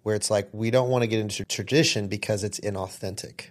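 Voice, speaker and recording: A man hosting a faith podcast in casual conversation, relaxed and quick to laugh, often trailing off softly. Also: lowish voice. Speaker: podcast host.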